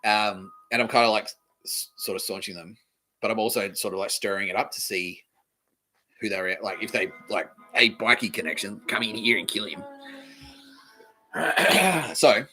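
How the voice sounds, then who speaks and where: A man's voice: on the low side, expressive, normal speed, sharp tone, breathy edge, soft background music, poor audio. An Australian man hosting a podcast, rambling through a live monologue, swearing constantly and chuckling between thoughts. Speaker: podcast host.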